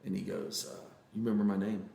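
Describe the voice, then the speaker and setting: A man with a Texan accent, telling a personal story in a casual interview, earnest and halting with many fillers. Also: sits low, little pitch movement, gravelly, mellow, reverberant. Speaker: interview guest.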